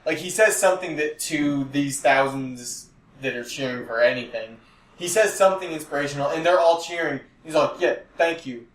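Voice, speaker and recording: A man co-hosting a podcast, telling stories in animated casual chat and swearing freely. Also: on the high side, normal speed, far from the mic. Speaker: podcast co-host. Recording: echoey room, off the mic.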